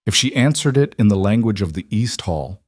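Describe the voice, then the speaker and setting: Calm, measured male storyteller. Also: lowish voice, no echo, clean studio sound. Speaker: audiobook narrator. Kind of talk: scripted fantasy romance narration.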